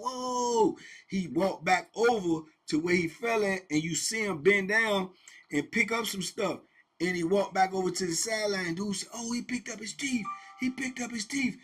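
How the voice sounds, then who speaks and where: Husky middle-aged guy telling a prison story, bright sharp voice, higher pitched, lots of sound effects. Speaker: host telling prison stories. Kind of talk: casual storytelling.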